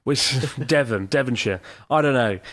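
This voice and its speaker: A man's voice: mid-range voice, normal speed, a bit bright. A man hosting a casual podcast, joking, chuckling often and reading listener emails aloud. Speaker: podcast host.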